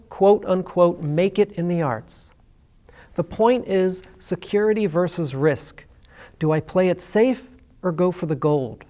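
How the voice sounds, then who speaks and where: A man narrating a documentary and interviewing, measured and reflective, posing rhetorical questions. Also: sits high, mellow.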